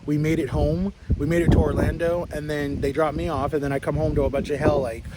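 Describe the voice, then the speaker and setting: 30s guy vlogging outside, kinda high voice, rambly and chatty, loud street noise behind. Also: flat delivery, fairly quick. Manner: rambling, chatty, lots of "like" and restarts. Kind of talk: casual storytelling to camera.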